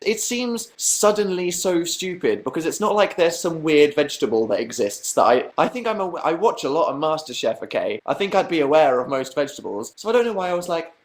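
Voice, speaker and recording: A man's voice: a little high, big pitch swings, brisk, hardly any pauses. Rambling young man chatting to a live chat. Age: young adult. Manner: rambling, self-mocking, swears freely, breaks into laughs. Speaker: YouTuber answering live chat. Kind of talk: casual live-stream chat.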